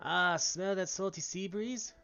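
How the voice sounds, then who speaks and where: A man's voice: high-pitched, fairly even intonation, unhurried, gravelly, sharp tone, clean tone, highs cut off, soft background music, pitched above the performer's own voice, heavily acted. A man doing Brennan, folksy ship peddler. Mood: chatty. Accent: attempted Irish, drifting. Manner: folksy, slangy, wavering accent. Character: chatty male ship merchant, folksy. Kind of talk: reading game dialogue aloud.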